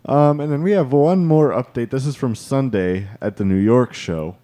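A man's voice: mid-range voice, moderate pace, warm tone. Laid-back male podcast host. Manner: reads updates aloud, laid-back. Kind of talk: casual podcast chat.

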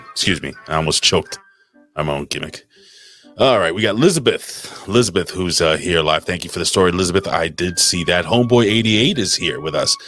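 A man's voice: sits low, animated, fairly quick, a bit bright, faint music behind. A man co-hosting a live podcast, bantering loosely and swearing while reading out chat names. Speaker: podcast co-host.

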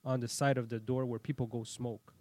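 A man's voice: mid-range voice, flat delivery, fairly quick, darkish tone, dry recording. A man telling a long story in casual chat, acting out quotes and swearing often.

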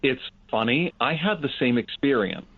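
A man's voice: medium pitch, lively intonation, normal speed, vocal fry. Enthusiastic man on a tinny line. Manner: enthusiastic, jokey geek banter. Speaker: podcast co-host. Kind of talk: casual podcast chat. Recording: tinny phone-like line, dry.

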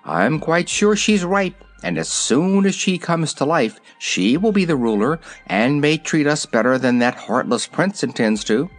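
A man reading a gentle little old wizard. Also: a little high, big pitch swings, measured pace, hardly any pauses, soft background music. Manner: gentle and hushed.

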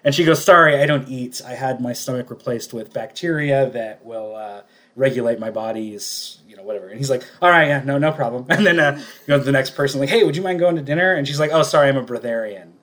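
A man's voice: mid-range voice, quick pace, a bit bright. A man co-hosting a casual podcast chat, retelling comic book scenes in a rambling way, full of fillers and chuckles. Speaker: podcast co-host.

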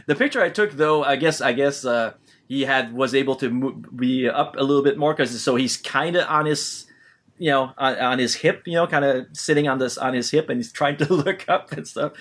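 Animated storytelling man on a podcast. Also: mid-range voice, normal speed. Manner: animated storyteller, laughs often, many restarts. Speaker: podcast co-host. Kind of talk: casual chat.

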